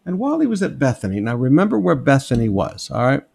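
This pastor speaks quickly in a mid-range voice that is creaky, husky and dark, his pitch swooping wildly. Going through a Bible passage verse by verse, he teaches in a conversational, emphatic manner, pausing often to point things out, asking "notice" and "okay?", and sketching on a board.

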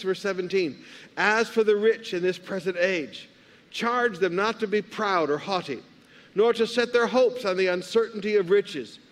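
A pastor preaches with a strikingly high voice. He reads scripture aloud and keeps throwing questions back at the congregation, drawing them into call and response. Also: fairly bright tone. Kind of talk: sermon.

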